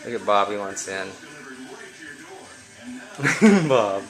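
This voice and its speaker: A man's voice: on the low side, big pitch swings, drawn-out words, pauses often, a bit bright, faint music behind. A man filming his cats at home on a handheld camera, chatting casually and cooing at them in a raised voice. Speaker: cat owner filming his pets. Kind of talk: casual home video narration. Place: indoors at home.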